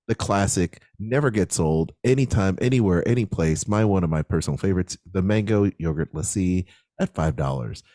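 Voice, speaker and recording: A man's voice: low-pitched, mellow, no room sound, studio quality. A man co-hosting a podcast in casual chat, playful and jokey, laughing often. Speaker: podcast co-host.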